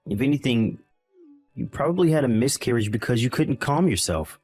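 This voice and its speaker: A man's voice: mid-range voice, expressive, moderate pace, a little mellow, faint music behind, lightly acted. A man playing a callous, dismissive husband. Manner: dismissive, irritated, condescending. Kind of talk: acted text-message drama.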